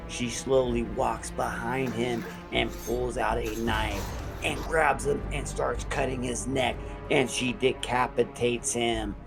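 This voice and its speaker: A man with a gravelly, creaky voice walks through a horror episode at a slow, unhurried pace. His casual storytelling is peppered with swearing. Faint music sits underneath. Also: mid-range voice. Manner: profane, animated storyteller. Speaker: horror review host.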